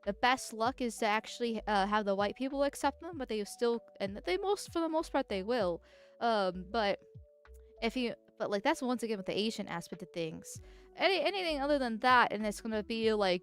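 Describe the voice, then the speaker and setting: Animated and fairly quick, this mid-range voice-changed delivery comes with faint music behind it. A political vtuber chats casually and reads chat, rambling and giggly, with many restarts.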